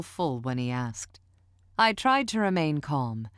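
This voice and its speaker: A woman narrating a first-person audiobook in a measured, even storytelling manner. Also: low-pitched, smooth, dry recording, clean studio sound.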